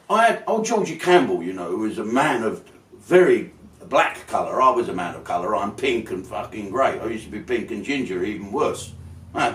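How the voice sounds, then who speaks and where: A man's voice: medium pitch, distant mic. An older man, telling rambling, sweary comic stories in a casual way. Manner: swearing, rambling, slips into put-on voices. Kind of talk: casual anecdotal storytelling. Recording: roomy, from off-mic.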